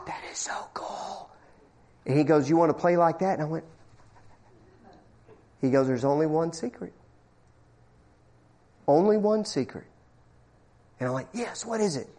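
Middle-aged guy preaching, chatty folksy storyteller, does little voices for people. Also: on the high side. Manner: folksy storytelling with acted-out quotes and asides. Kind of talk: sermon.

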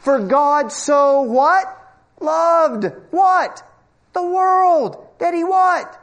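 A man preaching a sermon in church to a congregation. He asks the room questions, repeats words as he builds, and swings between loud bursts and low, quiet passages. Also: extremely slow. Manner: animated, call-and-response questions, stammering repeats. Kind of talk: evangelical sermon.

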